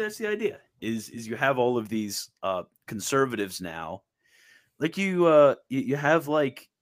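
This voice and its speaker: A man hosting a casual stream chat, rambling and often breaking off mid-sentence. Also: mid-range voice. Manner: rambling, self-interrupting. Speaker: stream host.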